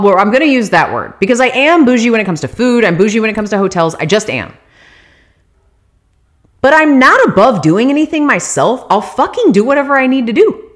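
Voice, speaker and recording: Lively, swearing woman ranting. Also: medium pitch. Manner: animated, profane, exasperated ranting to viewers. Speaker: vlogger telling a story. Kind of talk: casual storytime rant.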